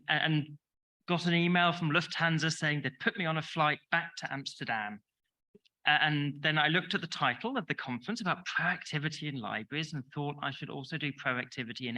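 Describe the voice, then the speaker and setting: A man's voice: a little high, bright, forceful tone, rough recording. A man with a London accent gives a chatty, self-deprecating conference talk, short on sleep and full of restarts. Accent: London English. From England. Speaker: conference speaker. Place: conference hall.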